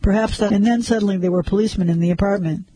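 A man narrating a crime story like an audiobook, measured and suspenseful. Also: sits high, steady tone, dark tone, husky, dry recording, poor audio.

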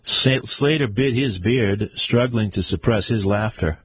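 Brief: male narrator, husky, steady audiobook read, dry. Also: on the low side, measured pace, no echo.

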